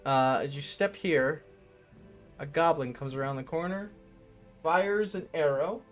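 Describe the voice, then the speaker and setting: A man narrating a tabletop game as dungeon master, unhurried and full of fillers. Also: on the high side, soft background music.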